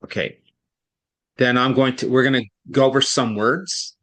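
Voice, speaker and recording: A man tutoring one student in reading, explaining patiently step by step and often checking in with a quick "right?". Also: medium pitch, fairly even intonation, fairly bright tone.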